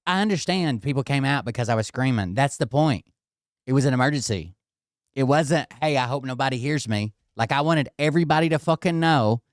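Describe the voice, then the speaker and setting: A man in the middle of an animated, expletive-laden story, talking straight at the camera in a plain, unremarkable register. His voice sits close and dry, with no room sound around it. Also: medium pitch, dry recording. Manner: animated and heavily profane, with laughter. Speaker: vlogger telling a home story. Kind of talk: casual storytelling.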